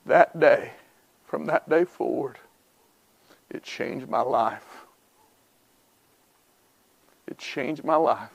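A middle-aged man preaching a revival sermon, moving from hushed storytelling to fervent, near-shouted pleas. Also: on the high side, takes it slowly, creaky, pauses often, slightly rough, no echo, dull audio.

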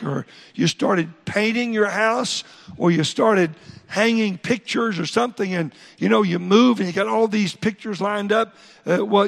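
A man's voice: sits high, creaky. A man preaching a midweek sermon in a folksy storytelling way, repeating himself as he goes. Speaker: pastor. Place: church sanctuary. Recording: church hall reverb.

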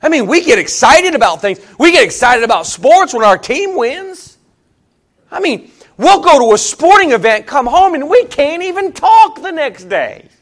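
A pastor in middle age delivers a fired-up sermon. His voice sits very high for a man and leaps across a wide, lively range. He drops into quiet asides, then climbs into loud, emphatic refrains. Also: moderate pace. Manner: emphatic preaching, swinging from hushed asides to shouted refrains.

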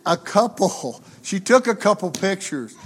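Folksy, high-voiced American pastor. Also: male voice, animated, measured pace, a bit bright. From United States. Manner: folksy, chatty, tag questions. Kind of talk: humorous sermon storytelling.

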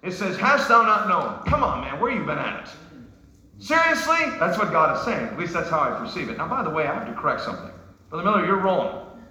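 A man from New York preaches with a high, sharply bright voice. He pushes hard on his points and slips into playful asides. The sound rings in an echoey church hall. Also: very animated, quick pace. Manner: emphatic, rising to shouts, with joking asides. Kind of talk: sermon. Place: church sanctuary.

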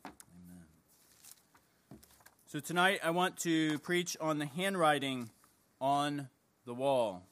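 A man preaching an evening sermon, reading scripture and praying in slow, deliberate, emphatic phrases. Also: fairly high pitch, fairly even intonation, a bit bright. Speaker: pastor. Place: church service.

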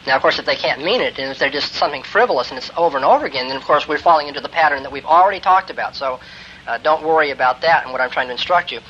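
A man giving a classroom lecture on Christian ethics, emphatic and building to forceful exclamations. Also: fairly high pitch, racing. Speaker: theology lecturer. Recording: dull lo-fi lecture tape with faint hiss.

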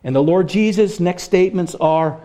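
Impassioned preaching man, hushed to ringing. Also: high voice, moderate pace. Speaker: pastor. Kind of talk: sermon.

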